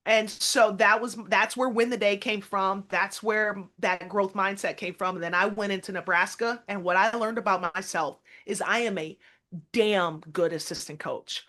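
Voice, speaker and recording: A woman coach talking candidly in an interview, her voice at a middle pitch for a woman. She tells her story with emphasis, stressing key phrases and often quoting what she once said. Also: steady tone, normal speed, pushed and bright. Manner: emphatic, quotes her own past words. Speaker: basketball coach, interview guest.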